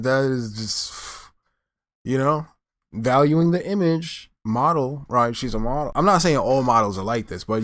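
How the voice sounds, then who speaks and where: A man's voice: medium pitch, no room sound, clean studio sound. A man reacting to a clip in loose, slangy, rambling commentary. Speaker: reaction host. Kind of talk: casual commentary.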